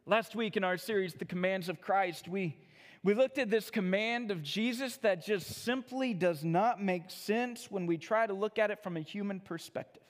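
A man in his thirties with a high, light voice gives a sermon from the pulpit. He tells his own stories in a conversational, self-deprecating way, often stumbling over his words as he restarts. His voice rings out with a long reverb through a church hall. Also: moderate pace. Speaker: pastor. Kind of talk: sermon with personal storytelling.

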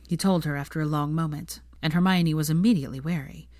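A woman narrating fan fiction in a calm, measured, quiet reading voice. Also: low-pitched, no echo, studio quality. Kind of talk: audiobook narration.

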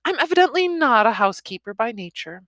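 A woman's voice: a little high, very animated, fast talker, a bit bright, no room sound, pitched above the performer's own voice. A woman reading aloud and voicing a carefree, teasing young vicar's wife in a storybook. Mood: breezy. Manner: breezy and teasing.

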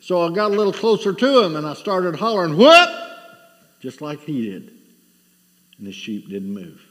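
A man's voice: a little high, lively intonation, moderate pace, long reverb tail. A middle-aged man preaching a sermon, asking rhetorical questions and telling a story with rising and falling intensity.

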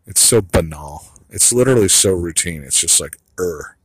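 A man's voice: low-pitched, expressive, normal speed, breathy edge, no echo, low-quality recording. A man delivering a rambling solo monologue, blunt and profane, trailing off into asides.

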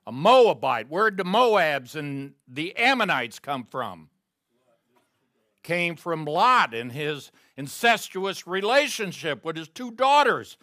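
A male pastor delivering a sermon in animated storytelling fashion, his pitch leaping widely as he moves between hushed asides and loud, emphatic peaks. His voice is bright and forward. The recording is dry and close, with no room sound. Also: slow pace, dry recording. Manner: animated storytelling with acted-out quotes.

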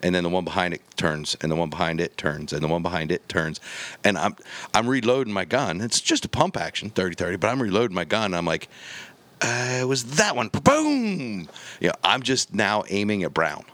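A man with a deep, low voice tells a story in easy, casual podcast chat. He acts out the people he quotes and booms out the gunshots himself. The sound is dry and close. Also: fast talker, few pauses, a bit bright, no room sound. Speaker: podcast guest telling a hunting story.

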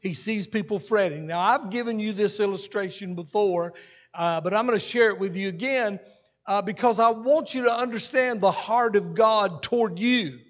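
A senior pastor delivers a folksy, conversational sermon, with asides to his congregation. His voice sits notably high for a man, and the recording is dull and muffled. A long reverb trails his words through the church hall. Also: moderate pace. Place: church sanctuary.

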